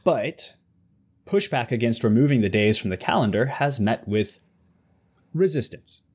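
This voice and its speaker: Animated husky-voiced man. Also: mid-range voice, measured pace. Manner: animated, voice jumps up when making a point. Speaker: podcast co-host. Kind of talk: casual discussion and reading news aloud.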